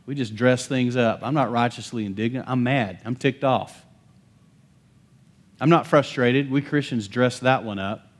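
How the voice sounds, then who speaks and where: Male pastor mid-sermon, mid-pitched voice, emphatic, asks the room for amens. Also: unhurried. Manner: emphatic, swings between bold calls and hushed asides; calls out to the congregation for amens.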